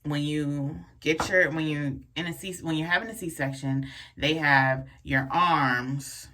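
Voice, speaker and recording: A young woman telling a personal story in a casual vlog, frank and profane, full of fillers and lively asides. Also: deep voice, slow. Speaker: vlogger telling a birth story.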